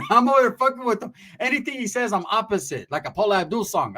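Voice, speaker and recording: Casting: lively, rough-talking middle-aged man, higher voice, swinging pitch. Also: fast talker, hardly any pauses. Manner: animated, profane, acts out voices. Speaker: storyteller. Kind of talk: comic storytelling.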